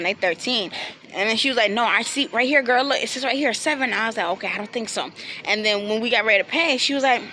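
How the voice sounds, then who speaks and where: Young woman, bright tone, animated storytelling, faint background hum. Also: medium pitch. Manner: animated, laughing, quoting friends in quick bursts. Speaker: vlogger. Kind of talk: casual storytime.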